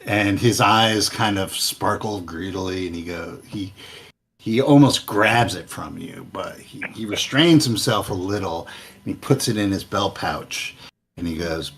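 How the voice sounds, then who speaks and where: A man with a lowish voice narrates a tabletop adventure as game master. He takes his time, drifting through fillers as he sets each scene. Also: a bit bright, breathy edge. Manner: unhurried, loose narration with filler words.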